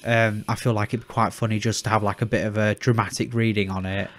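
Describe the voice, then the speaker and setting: A man's voice: lowish voice, level tone, quick pace. A young man, co-hosting a casual chat podcast and rambling with many restarts. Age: young adult. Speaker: podcast co-host.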